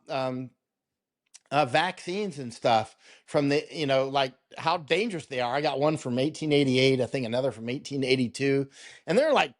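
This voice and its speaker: A man in his own casual storytelling mode, an interview guest speaking over a remote call. He wanders through his points, stumbles on repeated words, and breaks into little laughs. His pitch sits in an ordinary middle register. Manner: rambling, repeats words, quotes himself, laughs often. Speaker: war correspondent guest. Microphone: remote video call.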